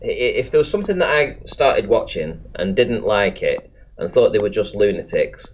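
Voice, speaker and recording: A man's voice: on the low side, big pitch swings, moderate pace, a little hiss or hum. A man hosting a live stream chat, talking bluntly, swearing freely and laughing often. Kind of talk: casual chat.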